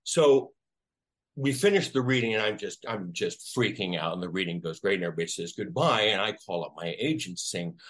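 A man, an actor, telling a story casually in an interview, animated and acting out the voices of people he quotes. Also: low voice, fairly quick. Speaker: actor guest.

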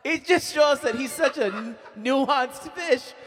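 A man doing a goofy male ghost smitten with love, drawling folksy asides in a very high voice. His lines ring out with a long, echoey reverb, as if called from a big empty hall in a comedy podcast. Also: slow pace, a bit bright, full character voice. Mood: lovestruck. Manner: folksy drawl with "oh yeah" and "you betcha".

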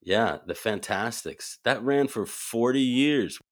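A man, an improv performer and actor, telling animated stories in a casual chat and acting out the voices in them. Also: mid-range voice, takes it slowly. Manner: animated, acts out voices in his anecdotes.

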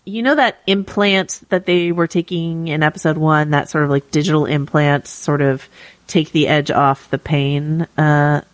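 A woman's voice: deep voice, steady tone, a little slow, no room sound. A woman co-hosting a podcast, talking casually with lots of fillers and restarts. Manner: chatty, many fillers and restarts. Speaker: podcast co-host.

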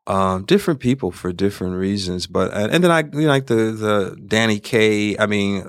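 Older male guest, lowish voice, animated storyteller, dry close mic. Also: moderate pace, no echo. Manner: animated storyteller who slips into impressions. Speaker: guest filmmaker and comedian. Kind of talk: casual interview talk.

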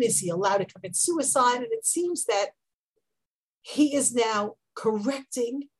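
A woman giving a Bible class, animated and husky, swinging from soft asides to loud emphatic bursts. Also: fairly high pitch. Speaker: Torah teacher.

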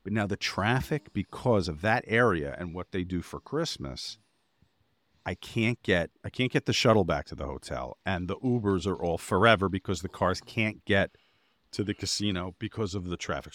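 A man's voice: sits low, animated, moderate pace, fairly bright tone, dry recording. A man co-hosting a podcast, telling a rambling anecdote in casual chat and getting exasperated as he goes. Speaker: podcast co-host.

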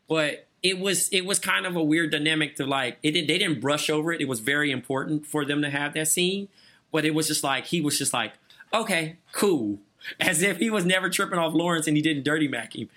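A man co-hosting a podcast, recapping a TV episode in slangy, animated casual chat. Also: on the high side, a little fast. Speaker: podcast co-host.

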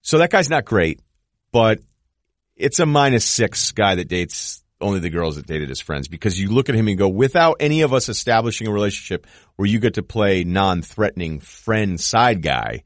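A middle-aged man co-hosting a casual comedy podcast, animated and sarcastic, slipping into put-on voices for jokes. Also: lowish voice, normal speed, no room sound, studio quality. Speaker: podcast co-host.

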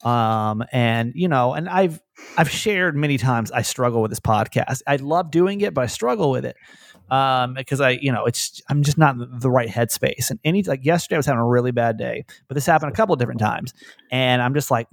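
A man hosting a podcast in casual chat, candid and rambling, with animated retellings. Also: medium pitch, a little fast, creaky, no echo, clean studio sound. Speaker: podcast host.

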